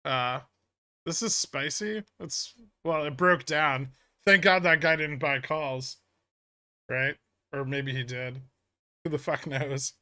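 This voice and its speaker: A man's voice: on the high side, slow pace, sharp tone, dry recording. Dry, sarcastic male stream host. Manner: dry, sarcastic, reading and answering chat. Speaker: livestream host. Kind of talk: casual stock trading livestream chat.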